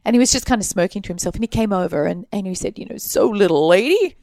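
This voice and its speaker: An Australian woman guest telling her stories in a casual interview, animated and laughing often. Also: mid-range voice, racing, creaky, dry recording. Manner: animated storyteller, laughs often, acts out quoted voices.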